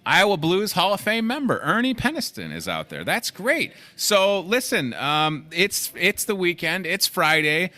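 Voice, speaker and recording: A man hosting a lively talk show inside a grocery store, joking and rattling off deals. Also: high voice. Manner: energetic, joking, rapid-fire deal listing. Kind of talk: upbeat promotional chat.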